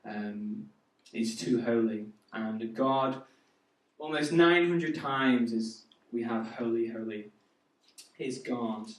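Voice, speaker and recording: A man's voice: mid-range voice, slow. A man preaching a sermon to a youth group, chatty and quizzing the audience. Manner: chatty, asks the audience questions. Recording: echoey hall from far off.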